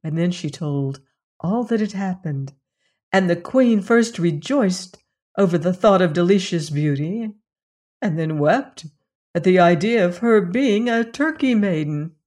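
A woman narrating a fairy tale in a measured, expressive reading. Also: on the low side. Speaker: storyteller.

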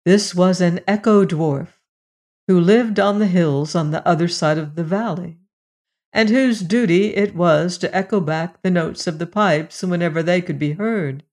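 A woman's voice: lowish voice, unhurried, darkish tone. Woman reading a storybook aloud. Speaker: narrator. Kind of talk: storybook narration.

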